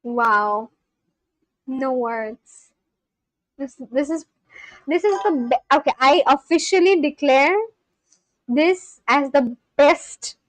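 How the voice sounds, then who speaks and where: A woman's voice: sits high, unhurried, no room sound, low-quality recording. A young woman chatting casually on a livestream, gushing and exclaiming often as she reacts to viewers.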